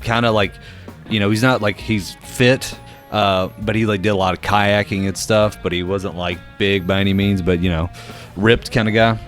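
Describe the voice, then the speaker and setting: A man's voice: lowish voice, normal speed. A young man, a podcast co-host, telling a casual story full of fillers. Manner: animated storyteller, many fillers, acts out voices. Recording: faint guitar music behind.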